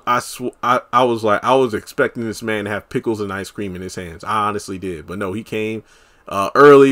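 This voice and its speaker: A man casually recapping a TV episode as a solo reviewer, chatty and animated, acting out characters' lines. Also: lowish voice. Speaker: TV show reviewer.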